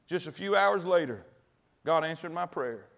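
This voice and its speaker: A man's voice: fairly high pitch, animated, normal speed, vocal fry, a bit bright. A male preacher, delivering a folksy sermon and repeating phrases for emphasis. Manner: storytelling, talks directly to the congregation.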